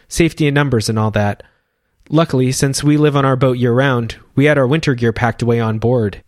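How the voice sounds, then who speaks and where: A man's voice: medium pitch, a little fast, a little mellow, no echo, clean studio sound, close to an everyday voice. A man voicing a cheerful, brave young boy who tells his story eagerly.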